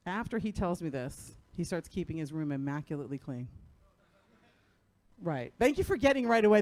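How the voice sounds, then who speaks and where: A middle-aged woman from New Jersey doing a profane stand-up set on a club stage, often laughing at her own lines. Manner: brash, profane, laughing often, acting out her son in a high voice. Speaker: stand-up comedian. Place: comedy club stage before a live audience.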